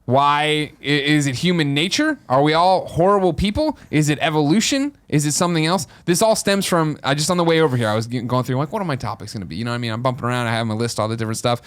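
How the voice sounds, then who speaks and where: A man's voice: a little high, fast talker, few pauses. A man hosting a casual podcast from a studio table, joking and riffing with friends. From Chicago area. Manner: animated, jokey, riffing. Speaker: podcast host. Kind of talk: casual chat and show intro. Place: studio table with several people.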